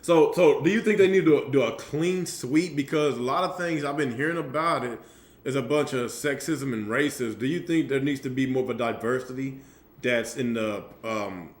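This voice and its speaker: A man's voice: medium pitch, normal speed. A man co-hosting a casual podcast, rambling through loose, profane stories. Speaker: podcast co-host. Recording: roomy echoey mic.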